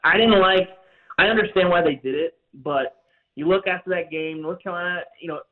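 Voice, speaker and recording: Over a tinny phone line, a man with a high-sitting voice calls in as a guest on a sports radio show, talking fairly quickly. The chat is casual; he's wry and chatty and laughs at his own jokes.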